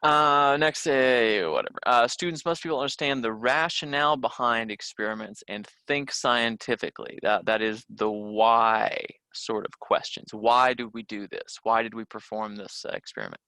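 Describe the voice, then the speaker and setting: A man's voice: mid-range voice, normal speed, pushed and bright, clean tone, no room sound. A man teaching a recorded test-prep lesson, talking through questions in a loose conversational way with frequent fillers and restarts.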